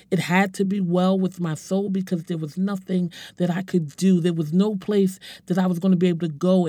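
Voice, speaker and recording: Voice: mid-range voice, mellow, no echo, clean studio sound. A speaker in their forties gives a heartfelt personal testimony, emotional and earnest, often stumbling and repeating words. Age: 40s. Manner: earnest, halting, repeats words while searching for them. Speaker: speaker sharing a personal story.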